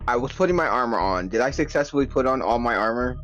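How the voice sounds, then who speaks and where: Lively young-sounding male player, lo-fi. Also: mid-range voice, fast talker, soft background music. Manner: eager, asks questions, breaks into shouting in character. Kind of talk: casual tabletop play. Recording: dull lo-fi sound.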